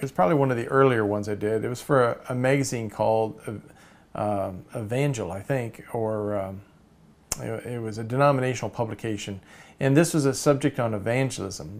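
Man giving a casual cartooning lecture, mid-pitched, loose and rambling. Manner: relaxed, rambling, many fillers and restarts. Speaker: cartooning instructor.

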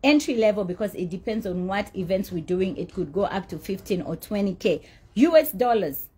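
A woman's voice: mid-range voice, lively intonation, brisk, a little mellow, slightly rough. A woman telling her side of a dispute in a blunt, profane, indignant rant. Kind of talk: heated storytelling rant.

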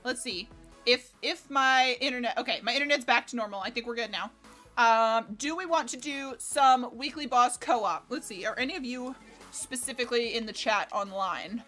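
A young American woman streaming a game in casual chat, excitable, swearing freely and laughing often. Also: on the high side, normal speed. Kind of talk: casual livestream gameplay chat. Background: faint game music.

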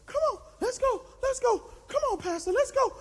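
A relentless male personal trainer, as a preacher puts him on, speaking in a high, brisk, insistent voice. His lively, bouncing pitch pushes and cajoles without letting up. The recording carries a long tent reverb. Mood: pushing hard.

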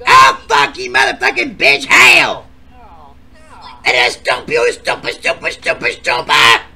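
A man's voice: very high-pitched, huge pitch swings, unhurried, gravelly, voice pushed up, exaggerated voice. A man doing a screaming cussing old woman. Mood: furious. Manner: shouting, cussing, threatening to stomp. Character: loud furious foul-mouthed old woman contestant.

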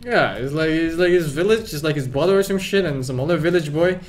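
A man's voice: fairly high pitch, animated, fast, faint music behind. Swearing, joking male streamer. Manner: crude, boastful joking with lots of swearing. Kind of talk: casual gaming chat.

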